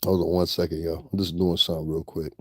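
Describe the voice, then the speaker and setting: A man's voice: sits low, flat delivery, fast talker, a little mellow, no room sound, clean studio sound. A man vlogging in a confrontational rant, profane and taunting, breaking into laughter at times.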